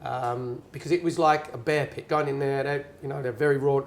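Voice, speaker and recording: At a networking event, from the bar area, a middle-aged man from England who used to play football and now works as a pundit delivers a long anecdote, lively and chatty, voicing the quotes. His pitch is medium and his pace fairly quick, with a little hiss or hum on the recording.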